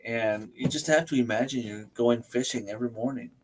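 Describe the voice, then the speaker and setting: A man hosts a relaxed livestream from home, speaking into a desk microphone at a middle pitch. He chats easily, laughs often and answers his viewers by name. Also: brisk. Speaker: livestream host. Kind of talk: casual chat. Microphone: desk microphone and webcam.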